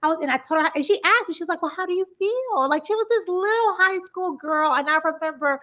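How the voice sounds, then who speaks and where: A woman's voice: very high-pitched, fairly quick. A woman podcast host from Compton, chatting in a casual interview and telling stories with acted-out quotes. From Compton, Los Angeles. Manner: animated storytelling, acts out quoted voices.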